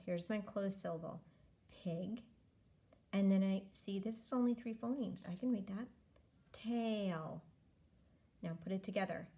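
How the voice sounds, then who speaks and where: A woman teaching a phonics lesson, talking slowly and patiently as she models each step aloud. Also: mid-range voice, dark tone.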